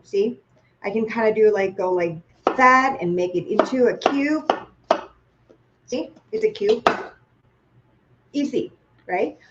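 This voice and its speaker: A woman's voice: mid-range voice, slow, pauses often, muffled recording, background noise. A woman from Thailand with a Thai accent, hosting a live online cooking class, chatty and playful, asking viewers questions as she works.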